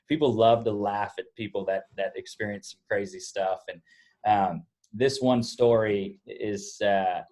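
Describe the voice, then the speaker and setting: A middle-aged man, a roofing business owner, telling a long story in a casual, animated way with many restarts. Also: fairly low pitch. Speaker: podcast guest, roofing company owner.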